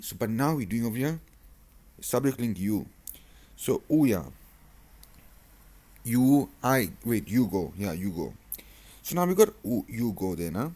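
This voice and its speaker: Lively low-voiced man teaching a language. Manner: explains with repeated rhetorical questions; spells words out letter by letter. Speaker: Zulu language tutor. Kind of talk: online language lesson.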